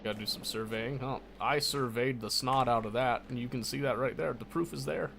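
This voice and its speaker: A man's voice: mid-range voice, fairly quick, gravelly, fairly bright tone, a little hiss or hum. A man casually commenting on his own gameplay, muttering to himself and correcting his mistakes as he goes. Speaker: gameplay streamer.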